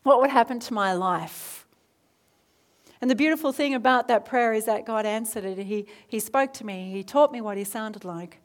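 A woman preacher in her thirties leading a prayer, then telling her story with lively asides and soft near-whispered moments. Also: a little high, fairly quick, hardly any pauses. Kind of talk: sermon with prayer.

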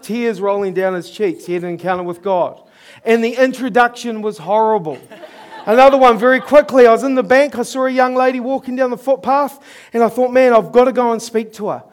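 High-voiced New Zealand preacher. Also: male voice, brisk. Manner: earnest, chuckles at his own stories. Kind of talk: storytelling sermon.

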